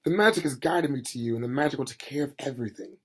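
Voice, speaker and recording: A man's voice: mid-range voice, fast talker, slightly rough, close to an everyday voice. A man voicing an old, serene dying wizard who speaks mildly and reassuringly. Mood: calm. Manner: mild, reassuring.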